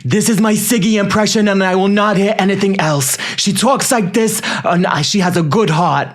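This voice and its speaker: A man's voice: high voice, moderate pace, voice pushed up, natural voice. A man doing a theatrical, emphatic impression of a woman from reality TV.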